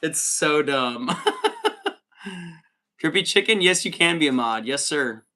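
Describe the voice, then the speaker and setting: A man's voice: on the high side, lively intonation, takes it slowly, bright, forceful tone. An American man hosting a casual livestream, reading chat messages aloud in an upbeat way. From United States. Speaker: livestream host.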